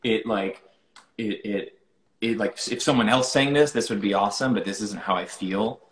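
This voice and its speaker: A man's voice: lowish voice, normal speed, echoey room. A young man answering interview questions casually, rambling with many fillers and restarts. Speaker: musician being interviewed.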